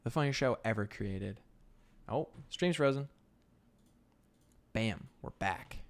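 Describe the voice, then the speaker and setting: Guy streaming his drawing, kinda low voice, rambling and laughing at his own bits, desk mic. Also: lively intonation, takes it slowly. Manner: rambling, self-amused, thinking aloud. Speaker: illustrator livestreaming sketches. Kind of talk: casual live-stream chatter while drawing.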